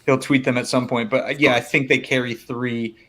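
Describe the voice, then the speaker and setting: A man co-hosts a sports podcast in a flat, level tone. He chats in an easygoing, agreeable way. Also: mid-range voice, fairly quick. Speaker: podcast co-host. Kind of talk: casual sports chat.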